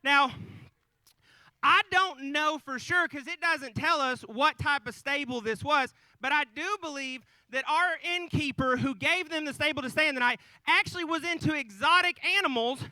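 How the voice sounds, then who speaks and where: A man's voice: extremely high pitch, moderate pace, pushed and bright, dry recording, rough recording. A man in his thirties telling a folksy, joking nativity story to a live audience, with asides to the crowd. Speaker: storyteller on stage. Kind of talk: comic live retelling of the nativity.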